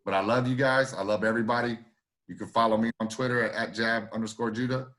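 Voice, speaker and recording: A man's voice: mid-range voice, fairly even intonation, fast, fairly bright tone. A man co-hosting a podcast, talking emphatically with lots of swearing and restarts. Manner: emphatic, profane, repeats himself. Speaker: podcast co-host. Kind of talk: casual podcast chat.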